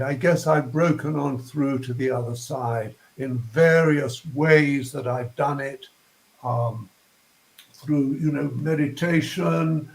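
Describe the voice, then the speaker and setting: A man's voice: medium pitch, slow, creaky, reverberant, low-quality recording. An older man with a posh southern English accent, a guest talking reflectively and searching for words with ums and restarts. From England. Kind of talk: reflective interview talk.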